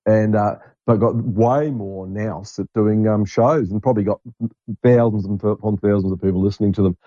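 A man's voice: fairly low pitch, steady tone, moderate pace, dark tone, no room sound. A middle-aged man hosting a podcast, talking in a blunt, rambling monologue and swearing freely. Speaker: podcast host. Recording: dull lo-fi dry recording.

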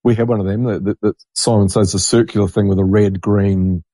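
Rambling, blunt man, mellow voice. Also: lowish voice, steady tone, a little fast, no room sound. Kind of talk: casual monologue.

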